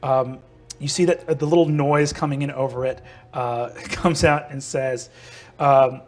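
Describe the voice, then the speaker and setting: A man's voice: mid-range voice, fairly even intonation, measured pace. A young man narrating as game master, hesitant with lots of ums and uhs.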